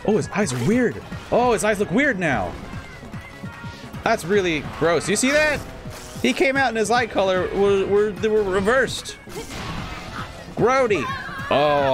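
A let's play host with a high voice gives casual gameplay commentary, joking through rambling asides and breaking into sudden excited outbursts.

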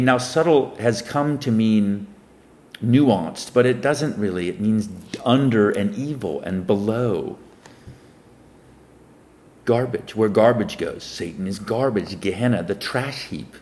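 A man, a self-styled preacher, reading Bible verses aloud and breaking off into rambling commentary, swinging between loud emphatic reading and quiet muttered remarks. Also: lowish voice, measured pace. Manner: reads scripture aloud, then breaks off into rambling asides.

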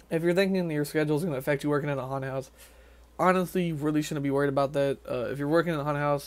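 Young guy rambling fast on a vlog, kinda high voice, outside. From Nashville, Tennessee. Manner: rambling, quick, with fillers and restarts. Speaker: vlogger, haunted house actor. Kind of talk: casual vlog talk to camera. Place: outdoors.

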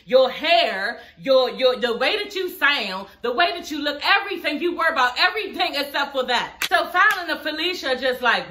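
A young woman recapping a reality show in a sassy, profane, animated way. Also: high voice, fairly quick, roomy sound. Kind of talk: casual reaction recap.

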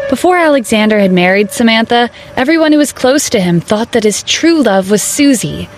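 A woman narrating a romance audiobook in an even, steady storytelling manner. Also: fairly high pitch, fairly quick, hardly any pauses, faint music behind.

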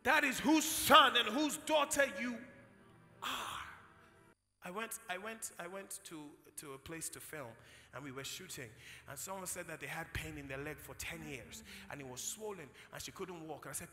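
A young Nigerian man preaching a sermon at a conference, telling stories and acting out dialogue, rising to shouted preaching. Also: sits high, moderate pace, long reverb tail, soft background music. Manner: storytelling, acts out dialogue, builds to shouted preaching. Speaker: pastor. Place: large hall, live conference.

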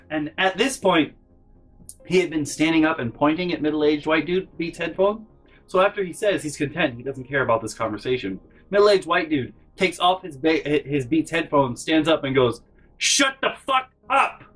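A man telling a funny story in a profane, animated way, acting out the people in it. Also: a little high, moderate pace, soft background music, rough recording. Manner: animated, profane, acts out every character. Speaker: storytelling comedy vlogger. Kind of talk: comedic storytelling.

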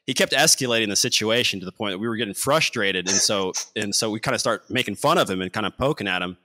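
A man hosting a casual chat, telling a long, rambling story with animated bursts and frequent laughter. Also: lowish voice, fast talker. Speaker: podcast host.

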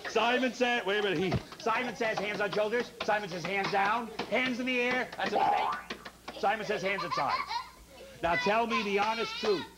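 Heard first through the hiss of an old, noisy broadcast recording, a man with a high voice hosts a children's TV show. He leads a studio full of kids through games and keeps up a stream of teasing jokes and quick asides. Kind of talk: playful banter leading kids in games.

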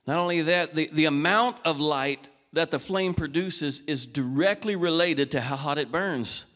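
A man preaching a folksy sermon, asking the congregation questions and moving from quiet, casual talk to raised, urgent calls. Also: fairly high pitch, moderate pace, in a large hall. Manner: swings between soft conversational talk and raised, urgent exhortation. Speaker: pastor. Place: church sanctuary.

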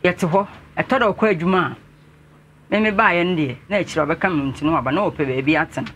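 A Ghanaian man speaks as an interview guest, slightly high and bright in tone. He talks earnestly and respectfully, with faint ambient noise behind him. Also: quick pace. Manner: earnest, respectfully addressing the host. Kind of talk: telling his life story in an interview.

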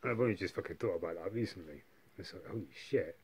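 A man's voice: low voice, fast talker, breathy edge. A man telling a long story to camera, rambling and swearing heavily, with constant tag questions like "yeah" and "right". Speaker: vlogger. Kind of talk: casual monologue.

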